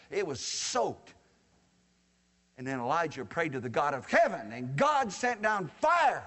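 Folksy, joking preacher man with a high voice, sermon recorded in a reverberant church hall. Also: fairly bright tone. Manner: folksy and joking, addressing the congregation directly.

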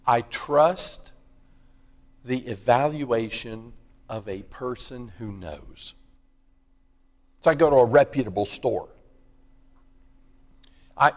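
A male preacher delivers a sermon in an easygoing but emphatic manner, asking his listeners questions and pressing his points home. His voice sits at an ordinary male pitch. It carries a long reverb from a large hall. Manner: conversational, emphatic, asks the audience questions.

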